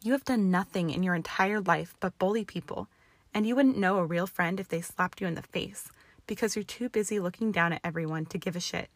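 A fierce young witch, proud and furious, snapping out scornful words, as a woman reads her. The voice sits lowish, and the dry sound stays close with no room echo. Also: a little fast, close to an everyday voice.

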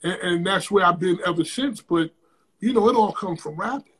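A man with a strikingly high, raspy voice recounts a story as an interview guest. He swears freely and tells it in an animated, casual way, often jumping into loud outbursts. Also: normal speed. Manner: profane, animated storyteller with sudden loud bursts.

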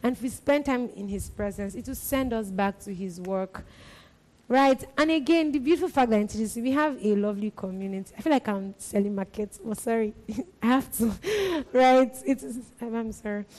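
A woman's voice: on the high side, brisk, darkish tone. A woman exhorting church volunteers, talking in emphatic repetitions and laughing often. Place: church hall. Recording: long reverb of a church hall.

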